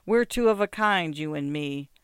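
A man's voice: a little high, lively intonation, normal speed, clean tone, no room sound, clean studio sound, close to an everyday voice. A man voicing a drunk, grieving peasant who pleads and threatens through tears. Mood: anguished. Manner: loud, tearful, pleading and threatening.

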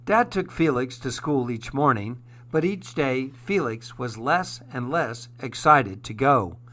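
Slow, bright-voiced man reading a story. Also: mid-range voice, expressive. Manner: gentle, measured. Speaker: program host reading a story.

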